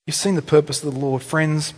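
A male pastor preaching a sermon in a church, telling stories in a chatty, animated way with offhand asides. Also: on the high side, fairly quick, a little hiss or hum. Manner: animated storytelling, conversational asides. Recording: echoey hall reverb.

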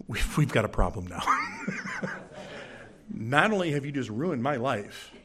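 A young adult man preaches with a very lively, swooping delivery that jumps into high bursts. His pitch sits a little above the usual for a man. He mixes playful storytelling with earnest sermon points. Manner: animated, jokey storytelling with sudden high bursts. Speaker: pastor.

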